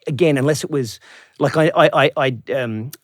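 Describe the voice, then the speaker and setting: A middle-aged Australian man speaks as a guest in a podcast chat, easygoing and reflective. His voice sits at an ordinary pitch, recorded close and dry with no room echo. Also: moderate pace. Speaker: actor guest. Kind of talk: casual podcast interview.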